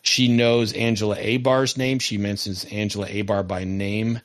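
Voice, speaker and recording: A man casually recapping a TV episode as a podcast co-host, lively and often laughing as he tells it. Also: lowish voice, moderate pace.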